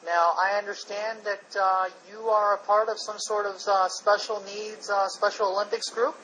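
A man's voice: sits high, little pitch movement, moderate pace, sharp tone, a little hiss or hum. A man making a prank phone call, talking in a mock-formal, baiting and condescending way. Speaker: prank caller.

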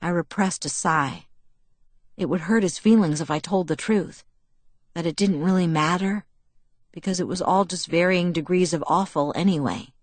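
A woman narrating a novel in the first person with a steady, even storytelling delivery. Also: lowish voice, normal speed, dry recording. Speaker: audiobook narrator.

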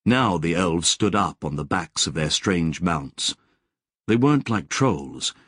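A man narrating an audiobook in scripted, expressive storytelling with vivid description. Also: sits low, slow, slightly rough, dry recording, studio quality.

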